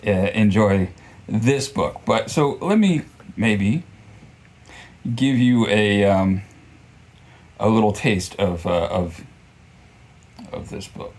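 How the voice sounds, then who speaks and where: A man with a fairly low, darkish, expressive voice gives a casual book review, speaking slowly with frequent pauses. He rambles with many fillers and restarts, often joking at his own expense.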